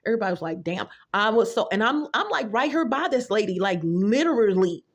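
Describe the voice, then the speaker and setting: A woman's voice: fairly high pitch, expressive, a little fast, few pauses. A middle-aged woman giving blunt, profane reaction commentary on a vlog, telling stories straight to her viewers. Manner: blunt, profane, storytelling, addresses viewers directly. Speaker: YouTube commentator.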